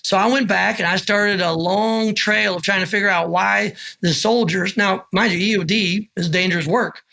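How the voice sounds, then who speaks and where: A man's voice: high voice, steady tone, normal speed, gravelly, bright, forceful tone. A middle-aged man, a retired army officer, recalling his service and acting out remembered dialogue as he tells stories. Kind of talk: oral history recollection.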